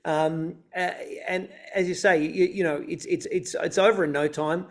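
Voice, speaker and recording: An Australian actor chatting easily as an interview guest, relaxed and talkative, with light laughs in his answers. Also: fairly high pitch, moderate pace. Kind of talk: casual interview chat.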